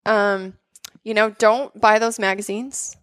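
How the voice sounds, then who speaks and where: A woman's voice: medium pitch, slow pace, clean tone, dry recording. A woman who trained as a doctor, telling stories in a casual podcast chat, full of "like" fillers. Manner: animated storyteller, many "like" fillers.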